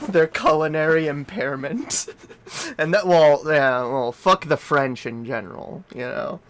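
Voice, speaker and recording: A man's voice: fairly high pitch, a bit bright. A man from Canada ranting casually on a livestream, profane and rambling. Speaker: streamer.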